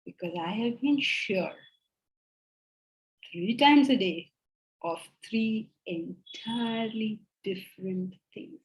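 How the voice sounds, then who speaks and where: A woman's voice: mid-range voice, slow, low-quality recording. A woman teaching a philosophy class, making emphatic points and putting rhetorical questions to her students. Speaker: spiritual teacher.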